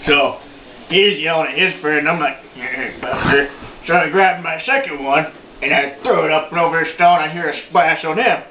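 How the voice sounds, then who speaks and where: A man's voice: on the high side, moderate pace, background noise, close to an everyday voice. A man playing a foul-mouthed, boastful old redneck in his sixties, telling a rambling, profane story as a comedy monologue. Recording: roomy, dull lo-fi home video.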